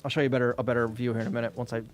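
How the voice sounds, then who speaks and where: A man's voice: mid-range voice, little pitch movement, rapid-fire, soft background music. A man streaming while scanning old workbooks, ranting about a utility bill in casual, heavily profane chat.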